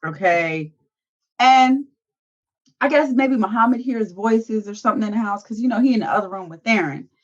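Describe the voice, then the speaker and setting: Profane animated woman recapping TV. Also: a little high, moderate pace, muffled recording. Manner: profane, animated retelling with acted quotes. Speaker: co-host. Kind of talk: casual reality-TV recap.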